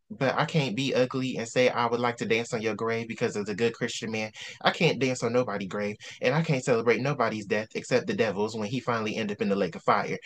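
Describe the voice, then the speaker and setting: A man talks through a book in casual chat, a mid-pitched voice at an easy middle. He gets animated and launches into rants with a preacherly edge. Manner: animated, ranting, preacherly outbursts. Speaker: book discussion host.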